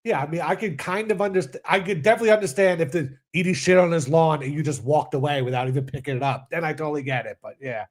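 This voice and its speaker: A man's voice: a little high, quick pace, few pauses. A man co-hosting a casual podcast, joking and giving short, easygoing replies. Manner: laid-back, joking, lots of short replies. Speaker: podcast co-host.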